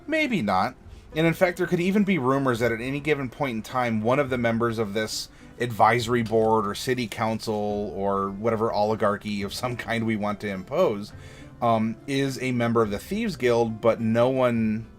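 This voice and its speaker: A man hosting a casual tabletop game worldbuilding chat, talking loosely with many fillers and restarts. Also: medium pitch. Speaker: game master and show host.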